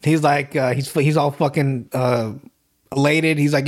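A man's voice: on the high side, steady tone, a little slow. A young man hosting a podcast, recapping a TV show in casual, profane, rambling chat and laughing often. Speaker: podcast host.

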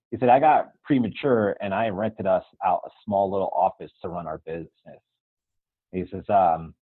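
A man's voice: fairly low pitch, breathy edge, no echo, phone-quality sound. A man telling the story of his life in an interview, earnestly acting out the dialogue and asking "right?" again and again. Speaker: guest.

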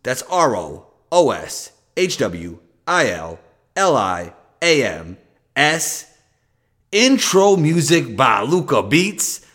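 A man's voice: mid-range voice, very animated, slow, a bit bright. Upbeat male podcast host. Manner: upbeat, promotional in the intro, easygoing in the interview. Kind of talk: podcast intro and interview.

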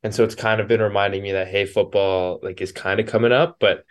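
Animated man in casual podcast chat. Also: lowish voice, fast. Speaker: podcast co-host.

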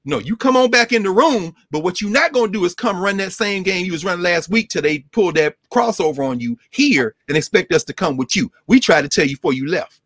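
A man's voice: high voice, brisk, hardly any pauses, no room sound, clean studio sound. A man speaking as a scholar and co-host in an impassioned, lecture-style talk, rhythmic and emphatic, often repeating his points. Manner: animated, rhythmic, emphatic repetition.

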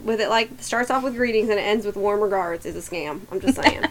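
A woman co-hosting a podcast who chats casually and teases with quick, joking asides. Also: mid-range voice, a little hiss or hum, poor audio. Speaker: podcast co-host. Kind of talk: casual chat.

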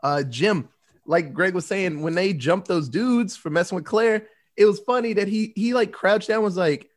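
A man in casual movie review chat, profane and animated, acting out scenes as he talks. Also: sits high, normal speed.

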